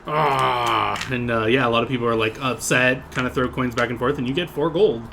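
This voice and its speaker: A man's voice: medium pitch, steady tone, fast talker, a bit bright, slight background noise. Rambling man running a tabletop game. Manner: casual, rambling, many fillers. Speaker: game master.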